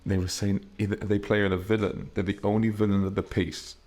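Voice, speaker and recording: A man's voice: on the low side, little pitch movement, a little fast, darkish tone, soft background music. A man co-hosting a comedy podcast, chatting casually, telling stories and laughing often. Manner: chatty storyteller, laughs often, acts out quotes. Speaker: podcast co-host.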